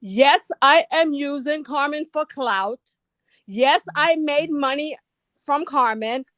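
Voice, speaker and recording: A woman's voice: sits high, slow, fairly bright tone, no room sound. Angry profane woman on a livestream. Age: older. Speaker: livestream guest. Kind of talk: heated livestream rant.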